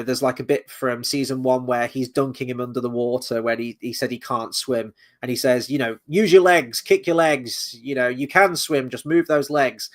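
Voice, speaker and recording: A man's voice: medium pitch, fairly bright tone. A British man chatting casually on a live stream as a reviewer, rambling with frequent fillers and casual swearing. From Britain. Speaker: film and TV reviewer.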